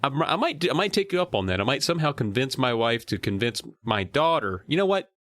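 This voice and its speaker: A man co-hosting a casual podcast about a kids' horror book, jokey and animated, his voice jumping high for emphasis. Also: fairly quick, no echo, clean studio sound. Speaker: podcast co-host. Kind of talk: casual book-club chat.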